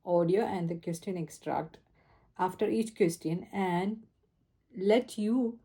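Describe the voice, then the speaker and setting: A woman's voice: on the low side, takes it slowly, mellow, husky. A woman with an Indian accent explaining test practice in an earnest teaching manner, recorded on a phone camera. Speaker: English test trainer.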